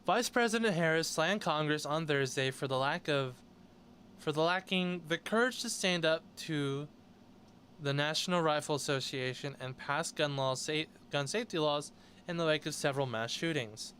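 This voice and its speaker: A man's voice: a little high, normal speed, fairly bright tone, a little hiss or hum. A man hosting a show, reading news articles aloud and breaking in with blunt, sarcastic comments. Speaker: host.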